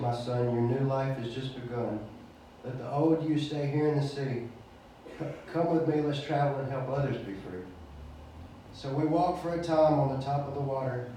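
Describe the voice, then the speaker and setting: A man from Mississippi with a Mississippi Southern accent, reciting a spoken word poem in a steady, rhythmic delivery at an open mic night. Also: mid-range voice, distant mic, a little hiss or hum. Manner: excited chatty intro, then steady rhythmic recitation. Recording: very echoey room, voice from off mic.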